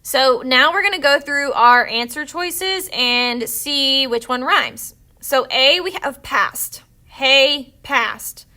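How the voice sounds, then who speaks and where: Bright high-voiced woman teacher. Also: lively intonation, slow, few pauses. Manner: patient, explains step by step to students. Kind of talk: classroom reading lesson.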